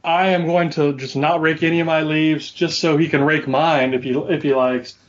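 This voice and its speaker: Man, slightly high voice, wry and dry, casual storyteller, lo-fi mic. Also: steady tone, moderate pace. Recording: dull lo-fi audio.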